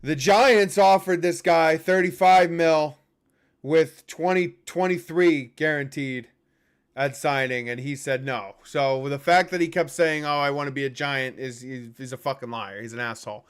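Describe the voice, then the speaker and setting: A man's voice: on the high side, measured pace, clean tone. A young man hosting a casual sports chat, profane and heated, ranting in bursts. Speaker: podcast host.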